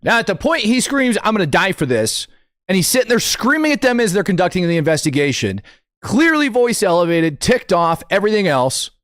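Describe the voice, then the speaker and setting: Blunt male commentator with a lively, dry voice. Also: high-pitched, brisk, no echo. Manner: blunt, combative, indignant. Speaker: political commentary show host. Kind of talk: opinionated live commentary.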